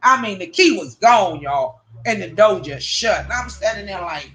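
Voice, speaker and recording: A woman hosting a livestream, chatting casually with viewers and telling animated, profane stories. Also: medium pitch, moderate pace. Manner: addresses viewers by name. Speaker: livestream host.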